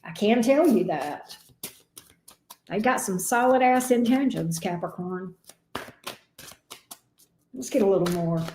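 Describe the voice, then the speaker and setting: A woman's voice: medium pitch, expressive, slow, long pauses, a little mellow, reverberant, slight background noise. A woman giving a casual, emotional tarot reading. She talks expressively and swears now and then. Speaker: tarot reader.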